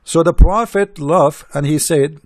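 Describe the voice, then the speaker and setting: Indignant, mocking man, slightly high voice. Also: unhurried, darkish tone, dry recording, clean studio sound. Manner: indignant and mocking, with repeated rhetorical questions; non-native English grammar. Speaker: religious critic. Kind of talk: heated polemical monologue.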